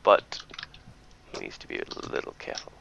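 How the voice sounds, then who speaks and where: An Australian man doing chatty, jokey live-stream commentary on a game match. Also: a little fast. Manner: chatty, jokey, gives shoutouts. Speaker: esports commentator. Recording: dull lo-fi stream audio, faint noise.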